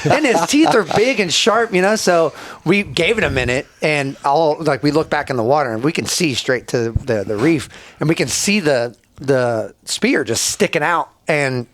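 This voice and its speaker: A young man on a podcast spins a rowdy story, swearing freely and breaking into laughter as he acts out the voices of the people in it. His voice sits a little high for a man. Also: animated, normal speed, fairly bright tone, slight background noise. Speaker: podcast guest. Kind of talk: casual storytelling.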